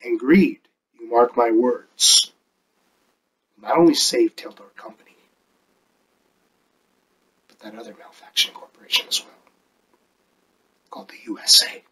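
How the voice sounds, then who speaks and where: A slick, ruthless corporate raider, played by an amateur performer, working a room of shareholders in a movie monologue. He speechifies, pushing up into loud, high emphasis and then dropping to hushed, whispered lines. His voice sits at an ordinary middle pitch. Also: a little slow, long pauses, husky, low-quality recording. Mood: persuasive.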